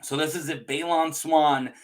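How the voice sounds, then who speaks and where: A man with a slightly high voice, fairly even intonation and a measured pace rambles to his viewers as a video creator. His rant is unedited, jokey and improvised, full of restarts and laughter.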